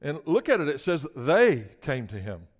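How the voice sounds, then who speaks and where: A man preaching a sermon in a voice that sits a little on the high side. He drops to hushed asides and then rises into loud, emphatic bursts. He calls out to the congregation for a response as he goes. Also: very animated, moderate pace.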